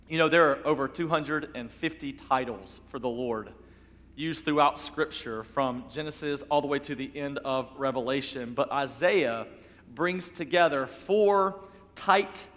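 A man preaching a sermon as pastor, emphatic and repetitive, dropping to soft low tones on key phrases. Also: unhurried, in a large hall.

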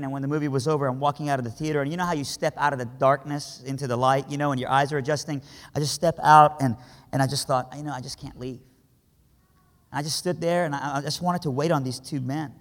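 A man from Iran delivers a storytelling sermon with a fairly high voice. His delivery is dramatic, dropping to a hush and then rising to impassioned cries. A long hall reverb trails his words. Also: steady tone, fast talker. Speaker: speaker.

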